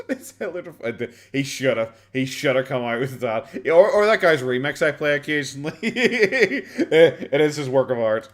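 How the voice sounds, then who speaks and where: An Irish man chats casually on a live stream as he reacts to videos, his medium-pitched voice sing-song at a normal speed. He rambles, swears and laughs a lot, keeping things quiet rather than loud.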